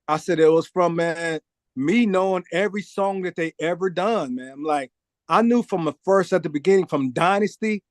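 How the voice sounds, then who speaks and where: Animated high-voiced man telling a story. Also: moderate pace, no room sound, studio quality. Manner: animated, acts out quoted voices, says "man" a lot. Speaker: record producer guest. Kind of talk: casual storytelling interview.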